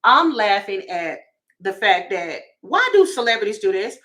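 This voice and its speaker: A woman's voice: mid-range voice, sing-song, normal speed, bright, forceful tone. A woman, giving goofy, chatty celebrity gossip commentary as a tarot reader and calling her viewers y'all.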